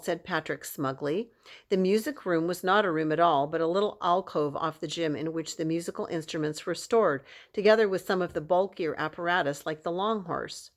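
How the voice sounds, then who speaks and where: A woman reading a children's novel aloud in a steady, expressive storytelling manner. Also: lowish voice, moderate pace. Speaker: audiobook reader.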